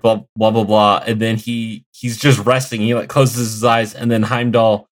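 A man's voice: on the low side, little pitch movement, normal speed, hardly any pauses. A young man co-hosting a podcast, retelling a scene in a rambling, casual way with many fillers. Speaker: podcast co-host.

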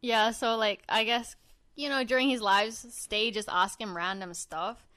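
A woman's voice: a little high, measured pace, no room sound. A woman co-hosting a podcast in casual chat, retelling stories with lots of giggles. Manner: giggly, animated storytelling. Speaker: podcast co-host.

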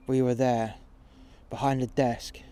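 A man narrating a first-person action story in a low-key, dramatic way with a lot of swearing. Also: level tone, a little slow, warm tone, slight background noise.

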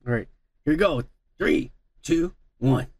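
A man's voice: a little high, lively intonation, a little slow. A man hosting a podcast with crude, casual banter, swearing freely, teasing his co-host and laughing often. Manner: profane, teasing, laughs a lot.

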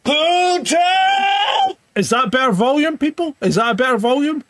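A high-voiced man co-hosts a casual streamed chat from home. His pitch swings around a lot as he teases and swears, and the sound is dry and close. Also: lively intonation, quick pace, a bit bright, no room sound. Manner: sweary, teasing, laughs often. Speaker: co-host of a live-streamed chat show.

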